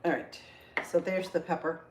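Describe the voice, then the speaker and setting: A woman's voice: lowish voice, fairly even intonation, normal speed. A woman hosting a casual cooking livestream, chatting with viewers as she slices vegetables and often exclaims "oh Lord". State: teary from onions. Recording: echoey kitchen, faint noise.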